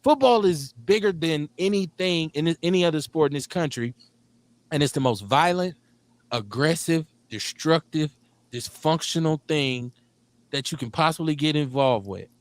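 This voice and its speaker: Animated man from Milwaukee, lively pitch. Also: normal speed, dry recording. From Milwaukee, Wisconsin. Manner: animated, profane, laughing often. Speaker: radio show host. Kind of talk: casual chat.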